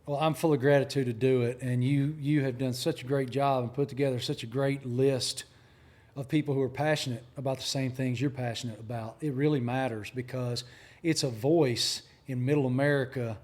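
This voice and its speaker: A man from Appalachian Virginia with a Southern accent, a sports journalist telling stories with animated emphasis in an interview. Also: medium pitch, brisk. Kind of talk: storytelling interview talk.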